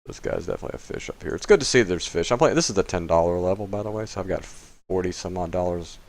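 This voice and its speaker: Low-pitched man from Florida, rambling vlog commentator, hesitant with sudden excitement. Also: quick pace, no echo. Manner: rambling and hesitant, with many fillers; bursts of excitement at big hands. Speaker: poker player and channel host. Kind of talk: casual commentary while playing online poker.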